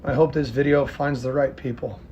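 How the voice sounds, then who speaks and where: A man from the United States delivering an angry, profane rant to camera, swinging between loud outbursts and hushed, near-whispered lines. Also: medium pitch, steady tone, brisk, highs cut off, slight background noise. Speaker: vlogger.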